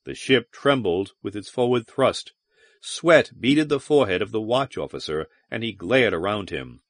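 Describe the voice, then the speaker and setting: Expressive male audiobook narrator. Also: fairly low pitch, normal speed, dry recording. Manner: dramatic, expressive reading.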